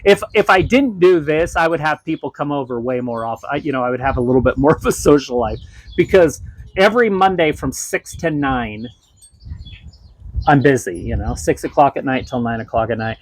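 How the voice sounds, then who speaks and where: A man's voice: medium pitch, lively intonation, brisk, rough recording. A man talking casually in a counseling session. He rambles, stumbles over his words, restarts sentences and laughs often. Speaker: counseling client and live streamer.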